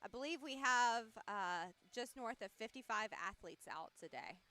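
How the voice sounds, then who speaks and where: A woman's voice: on the high side, lively intonation, normal speed, pushed and bright. A woman commentating on a strongman livestream, bantering casually with her co-host and calling the lifters by name. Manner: chatty, friendly banter with co-host. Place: outdoor strongman meet.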